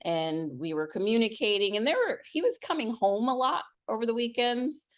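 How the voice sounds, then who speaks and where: A middle-aged woman co-hosting a podcast, telling a personal story in casual chat and acting out quoted lines with big jumps in pitch. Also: expressive, normal speed. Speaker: podcast co-host.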